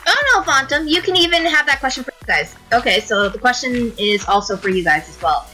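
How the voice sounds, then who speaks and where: A young woman with a bright, forceful voice hosts a casual gaming livestream. She chats, teases and laughs easily with her friend. Soft music plays faintly underneath. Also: mid-range voice, expressive, rough recording. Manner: teasing, chatty, quick to tease and laugh. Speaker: streamer and host. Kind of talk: casual chat while livestreaming a game.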